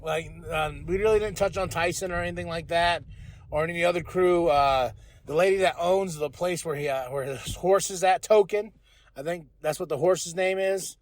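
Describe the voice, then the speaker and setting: A man hosting a podcast, giving a casual, rambling, profane recap of a TV episode, with loud bursts when excited. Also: on the high side, moderate pace. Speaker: podcast host.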